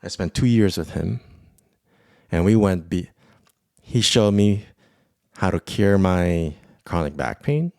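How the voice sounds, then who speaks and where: Hosting a casual solo podcast, a man with a low, deep voice and some vocal fry rambles and swears, breaking into bursts of excitement. He talks slowly and pauses often. The audio is close and dry, with no room echo.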